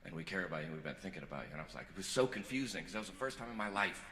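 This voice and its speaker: A man doing a stand-up comedy set on stage, rambling and self-deprecating, swinging from earnest confession to loud joking. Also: low-pitched, lively intonation, rapid-fire. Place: large theater on stage. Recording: echoey live hall recording with crowd noise.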